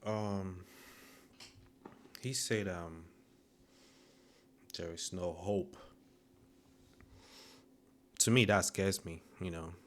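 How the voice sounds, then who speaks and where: A man hosting a channel, introducing and reacting to a testimony video in a slow, earnest, hesitant way, audibly moved. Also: low-pitched, fairly even intonation, a bit bright, a little hiss or hum. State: emotional. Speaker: channel host. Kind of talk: reflective commentary introducing a video.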